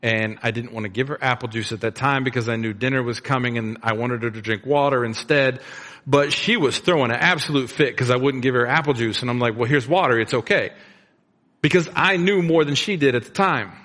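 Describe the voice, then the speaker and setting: In a big, reverberant room, a middle-aged man serving as pastor retells the story during his sermon in a casual, slangy, conversational style. His voice is mid-range and a bit bright, and he speaks briskly.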